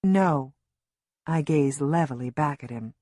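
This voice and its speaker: Slow, husky woman narrating. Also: sits low, darkish tone, no room sound, studio quality. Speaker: audiobook narrator. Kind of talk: first-person audiobook narration.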